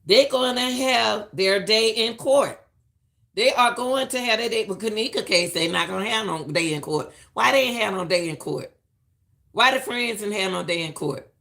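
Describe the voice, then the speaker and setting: A woman's voice: mid-range voice, lively intonation, normal speed, gravelly, bright, forceful tone. A middle-aged woman giving emphatic, preachy live-stream commentary and repeating lines for stress.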